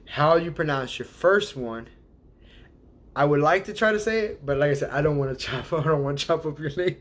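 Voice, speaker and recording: Hosting a casual livestream, a man with a higher voice talks a little fast. He rambles and hesitates, laughing often as he works out how to say viewers' names.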